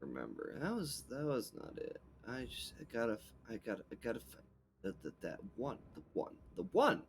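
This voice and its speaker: A man's voice: medium pitch, wildly swooping pitch, a little fast, gravelly. A man running a tabletop game as game master, chatting casually, muttering and swearing to himself, then narrating the scene to his players. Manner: swears and mutters while searching, exclaims loudly.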